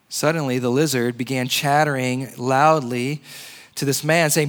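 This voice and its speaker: Male preacher, mid-pitched, casual and chatty sermon delivery. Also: a little slow. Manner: conversational, animated, uses "like" a lot.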